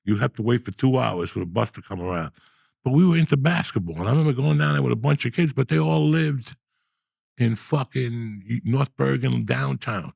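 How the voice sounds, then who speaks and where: Gravelly New man telling stories. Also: medium pitch, moderate pace, dry recording. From New Jersey. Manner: animated, profane storyteller. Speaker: podcast host. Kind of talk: storytelling in casual chat.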